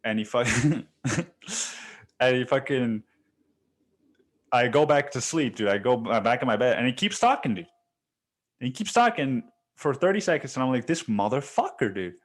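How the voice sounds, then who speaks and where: With a mid-range voice and frequent pauses, this young podcast host tells a story at normal speed. His style is casual, profane, animated, and full of slang, and "dude" comes up often as he addresses the listener.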